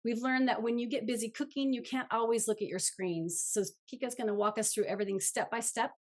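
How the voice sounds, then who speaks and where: A woman's voice: fairly high pitch, a little fast, darkish tone. A woman co-hosting an online cooking class, reading prepared remarks and going through the plan in an organized way. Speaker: co-host. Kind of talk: scripted class introduction.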